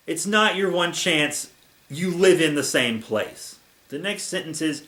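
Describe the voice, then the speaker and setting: A man's voice: on the high side, very animated, normal speed, a bit bright, echoey room. A young man hosting a comedic fan fiction reading, sarcastic and exasperated.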